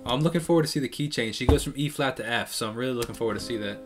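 A man's voice: mid-range voice, very fast, music in the background. A man and musician reacting to a live song, casually explaining the mix and vocals into a studio microphone with a pop filter. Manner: explanatory, analytical, many restarts. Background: faint song playing.

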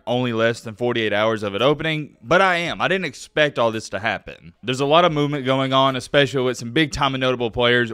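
Male sports vlog host, animated and quick, dry close-mic sound. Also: medium pitch, dry recording. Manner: animated, fast-talking, with sudden loud bursts. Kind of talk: casual commentary vlog.

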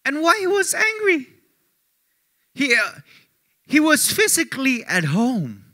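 Lively, bright-voiced youth pastor preaching. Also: male voice, very high voice, slow pace. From Korea. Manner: swings between loud emphatic peaks and hushed storytelling; addresses the youth crowd directly, asks for raised hands. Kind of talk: youth sermon with personal story.

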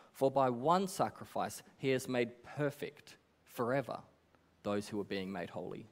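A man preaching a sermon in an earnest, emphatic way, with dramatic pauses. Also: medium pitch.

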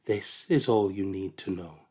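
A man voicing a cruel, beguiling young enchantress in a storybook reading, pitched up and coaxing. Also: very animated, normal speed, warm tone.

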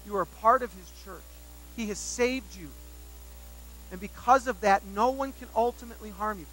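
A man's voice: high voice, moderate pace, a bit bright, rough recording. A man pastor preaching a sermon, emphatic and repeating key phrases for weight, telling personal stories with self-deprecating humor.

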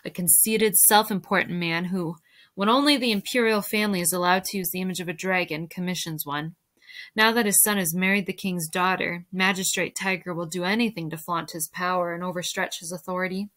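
A woman reading aloud as a wise old master painter, calm and measured, with quiet scorn. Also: on the low side, natural voice.

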